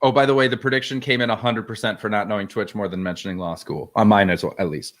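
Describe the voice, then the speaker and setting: A man co-hosts a casual stream and drops dry, wry comments. His voice sits lower than most men's. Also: fairly even intonation, fast talker, fairly bright tone. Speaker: stream co-host. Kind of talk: casual chat.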